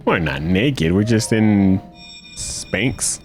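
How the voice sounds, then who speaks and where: Low-pitched American guy, rambling let's-play co-host, faint game music underneath. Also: animated, extremely slow, a little mellow. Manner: chatty, rambling with restarts and asides. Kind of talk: casual chat while playing.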